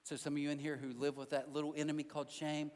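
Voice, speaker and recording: A man's voice: on the high side, little pitch movement, fast, darkish tone, big-room sound. A pastor preaching a sermon to his congregation, telling stories in a conversational way and driving points home with repetition. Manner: conversational storytelling, emphatic repetition. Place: church sanctuary.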